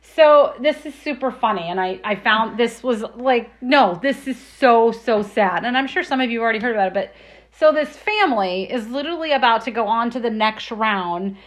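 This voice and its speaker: A middle-aged woman co-hosting a casual podcast, telling stories in an animated way and laughing often. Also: a little high, moderate pace. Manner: animated storyteller, laughs a lot. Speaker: podcast co-host.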